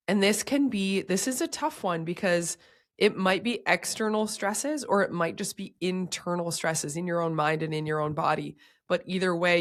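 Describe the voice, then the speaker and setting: A woman hosting a podcast with a hoarse, sick voice, explaining health topics in casual chat. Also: on the low side. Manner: upbeat, explains physiology step by step. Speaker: podcast host.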